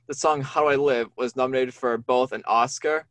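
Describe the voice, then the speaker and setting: A man's voice: mid-range voice, steady tone, a little fast, dry recording. Easygoing man co-hosting a podcast, dry sound. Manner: friendly, easygoing, laughs often. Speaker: podcast co-host. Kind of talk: casual chat about a film.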